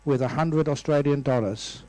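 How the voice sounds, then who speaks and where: A man's voice: medium pitch, moderate pace, a little mellow, no echo, rough recording. A man in his sixties, a Buddhist monk, giving a humorous dharma talk and telling stories with playful voices. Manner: storytelling with playful voices and laughs. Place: lecture room.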